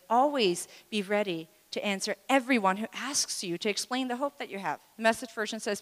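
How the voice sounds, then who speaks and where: A woman preaching a sermon, lively and animated, acting out the voices of people in her stories and laughing between points. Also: medium pitch. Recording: long hall reverb.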